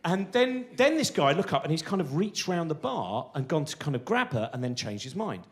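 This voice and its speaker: A man in his forties does rambling, self-deprecating stand-up on a theatre stage. He talks in a high voice that leaps up and down with lively inflection, full of restarts and asides. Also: moderate pace. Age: 40s. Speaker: stand-up comedian. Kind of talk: live stand-up storytelling.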